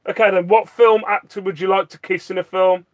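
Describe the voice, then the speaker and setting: His voice is high-pitched and steady, his delivery brisk, and the recording dry. Casually chatting from his loft, this host reads out what viewers ask and replies with jokey, self-mocking humor.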